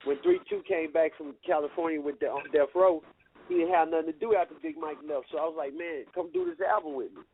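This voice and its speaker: A man's voice: on the high side, fast talker. A man who is a guest from a rap group, recalling how an album started in a laid-back, casual radio interview. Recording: tinny phone-line radio audio, faint hiss.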